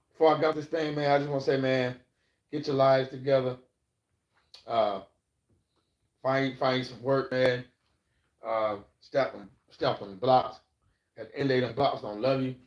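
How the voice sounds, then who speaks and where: A man with a mid-range voice hosts his own podcast, handing out life advice in a blunt, profane, rambling monologue that keeps repeating itself. The sound is reverberant, with the highs cut off.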